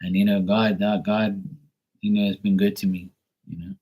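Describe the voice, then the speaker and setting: A middle-aged man with a fairly low voice chats casually on his tarot livestream. He rambles, swears freely and speaks bluntly, working himself up into animated rants. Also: moderate pace, breathy edge, highs cut off. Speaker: tarot reader host.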